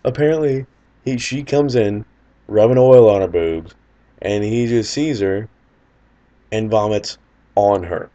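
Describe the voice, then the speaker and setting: A man's voice: fairly low pitch, a little slow, pauses often, warm tone, highs cut off. A man casually telling a personal anecdote in a loose, rambling, wry way. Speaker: storyteller.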